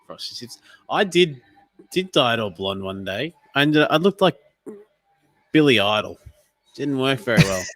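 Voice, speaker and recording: A man's voice: medium pitch, animated, moderate pace, long pauses, a bit bright, no echo. A man co-hosting a livestream in a chatty, jokey, easygoing way. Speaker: livestream co-host. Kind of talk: casual chat.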